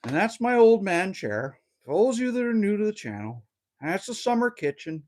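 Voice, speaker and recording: A man's voice: sits high, very animated, normal speed, a little mellow. A man hosting a casual live stream outdoors at a cabin, answering viewer comments in a chatty, laid-back way and calling everyone man or buddy.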